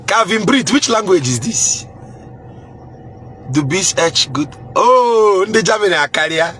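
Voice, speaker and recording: A man's voice: sits high, animated, measured pace, sharp tone, soft background music. A man with a Nigerian accent hosting a casual live chat, reading viewer comments in a playful way, chuckling and repeating phrases.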